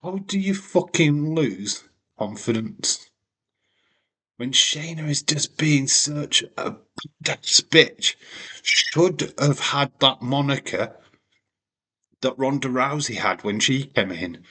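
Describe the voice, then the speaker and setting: A man's voice: mid-range voice, expressive, slow pace, pauses often, sharp tone, husky. Blunt, sweary man ranting about wrestling. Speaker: wrestling watch-along host. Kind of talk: casual opinionated commentary.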